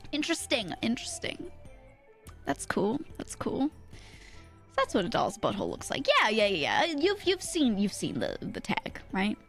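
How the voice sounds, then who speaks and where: A young woman chats casually with her stream, giggling often and talking in an easygoing way. Her voice sits a little high, with soft music playing faintly behind her. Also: creaky. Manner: chatty and giggly, often laughing. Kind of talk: casual stream chat, reading chat messages.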